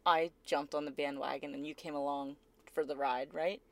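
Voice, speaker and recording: A woman hosting a casual podcast, bubbly and quick to laugh, often checking in with "right?". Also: low voice, fairly even intonation, vocal fry, dry recording. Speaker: podcast host.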